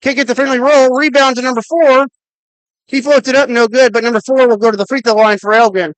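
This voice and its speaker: An adult announcer calling a high school basketball game on radio, with rapid, clipped calls of each pass and shot and the clock counted down aloud. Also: fairly even intonation, clear, resonant tone, no echo, rough recording. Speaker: play-by-play announcer.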